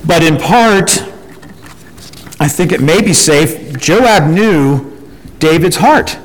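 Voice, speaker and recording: A man preaching a sermon and reading scripture aloud, animated and acting out the voices of people in the story. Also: on the high side, slow. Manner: animated, acts out quoted voices. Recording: long hall reverb.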